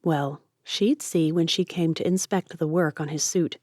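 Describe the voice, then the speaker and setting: A woman reading an audiobook with steady, expressive narration. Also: deep voice, a little slow, dry recording, studio quality.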